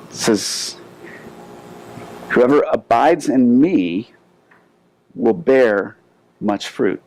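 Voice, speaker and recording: A male pastor preaching a sermon, telling a story with lively asides and frequent word restarts. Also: mid-range voice, very slow, long pauses, poor audio.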